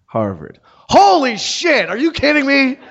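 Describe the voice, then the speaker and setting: A man's voice: very high-pitched, huge pitch swings, darkish tone, pitched above the performer's own voice, heavily acted. A man putting on the voice of a chatty, overexcited woman at a bar who gushes and fires off nosy questions. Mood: prying. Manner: gushing, rapid-fire nosy questions. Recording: dull lo-fi sound.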